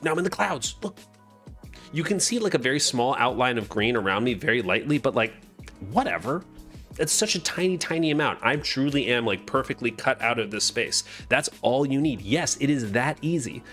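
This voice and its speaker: A man's voice: mid-range voice, expressive, moderate pace, a bit bright, soft background music. A man casually explaining his streaming setup, rambling, greeting chat mid-sentence and correcting himself. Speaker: Twitch streamer. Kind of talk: live-streamed software tutorial.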